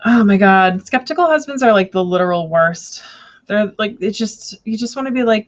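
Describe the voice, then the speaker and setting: Heard through dull, lo-fi stream audio, this woman hosts a laid-back live tarot broadcast. She talks briskly at a medium pitch, rambling and chatting, constantly restarting, filling gaps, and correcting herself.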